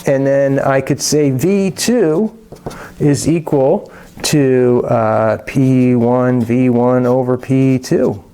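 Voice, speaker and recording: A man teaching a chemistry lesson in a casual, chatty way, with jokey asides and quick self-corrections. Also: mid-range voice, dark tone, clean tone. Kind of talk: casual lecture.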